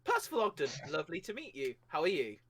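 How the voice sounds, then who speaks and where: A man voicing a polite, evasive con man who talks smoothly about his services, in a tabletop game. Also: a little high, wildly swooping pitch, quick pace, a bit bright, heavily acted. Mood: breezy.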